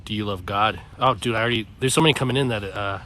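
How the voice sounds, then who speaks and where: A man co-hosting a live stream outdoors, reading viewer questions aloud in a halting way. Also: on the low side, bright, forceful tone. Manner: reads out comments and prompts, halting. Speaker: podcast co-host reading viewer comments. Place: outdoors by train tracks.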